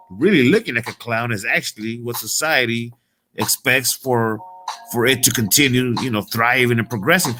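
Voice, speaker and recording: A man's voice: medium pitch, bright, forceful tone. A man delivering a heated, profane, slangy monologue as a motivational vlogger. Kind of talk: casual ranting monologue.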